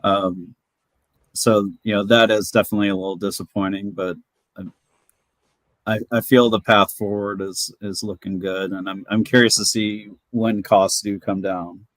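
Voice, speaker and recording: Male panelist, low voice, hedging, conversational delivery, dry mic. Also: little pitch movement, moderate pace, fairly bright tone, no echo, poor audio. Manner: thoughtful, hedging with fillers. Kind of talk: casual panel chat.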